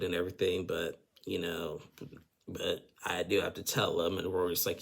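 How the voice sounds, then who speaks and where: A man's voice: deep voice, flat delivery, moderate pace, vocal fry. A man giving a casual, rambling recap of a reality show, full of filler phrases. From United States. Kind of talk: casual commentary.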